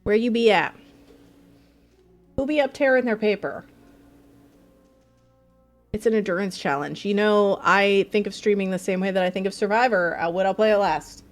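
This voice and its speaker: A woman streaming a game live, chatting in a bubbly, excitable way with her viewers. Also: medium pitch, moderate pace, long pauses, soft background music. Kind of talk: casual live-stream chat.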